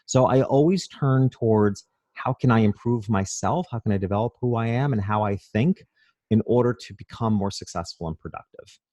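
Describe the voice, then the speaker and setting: A man, a podcast guest and author, telling stories with animated enthusiasm in a casual interview. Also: fairly low pitch, normal speed, no echo.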